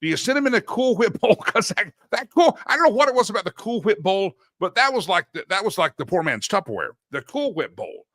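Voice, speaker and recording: A man's voice: sits high, sing-song, brisk, hardly any pauses, a bit bright, dry recording, clean studio sound. A middle-aged man hosting a talk show, telling rambling personal stories and often correcting himself mid-sentence. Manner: rambling, anecdotal, self-correcting. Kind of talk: casual talk show monologue.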